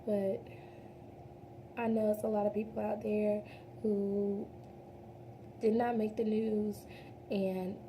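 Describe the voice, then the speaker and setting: A woman's voice: mid-range voice, little pitch movement, slow pace, pauses often, dark tone, slight background noise. A woman doing a casual makeup tutorial at home, talking earnestly and rambling a little, calling her viewers "y'all". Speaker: beauty vlogger. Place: home, daylight from a window.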